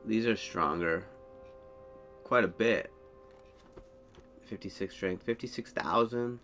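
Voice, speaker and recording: A man's voice: lowish voice, takes it slowly, pauses often, fairly bright tone, soft background music. A man giving casual gameplay commentary, rambling and thinking aloud as he plays. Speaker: gameplay streamer.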